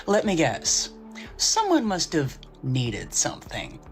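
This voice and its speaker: A woman's voice: low voice, wildly swooping pitch, slow, gravelly, soft background music. A woman narrating scripted commentary in a dry, sarcastic manner.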